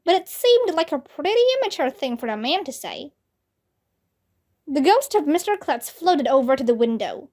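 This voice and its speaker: A woman reading a children's book aloud in a slow, clear and expressive way. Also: high voice. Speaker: storybook reader.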